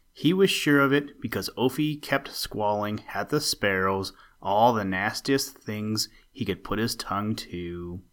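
A man with a fairly low voice hosts his podcast and tells a children's story. His reading is gentle and expressive, easing through the narration.

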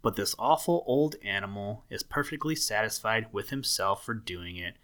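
A man's voice: fairly low pitch, animated, normal speed, fairly bright tone. A man doing Nibble, a timid little rabbit. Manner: timid and breathless. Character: small frightened young male rabbit.

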